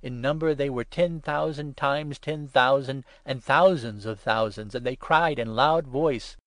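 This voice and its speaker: A man giving a solemn, measured Bible reading that swells louder on the proclaimed passages. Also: medium pitch, dry recording. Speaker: scripture reader.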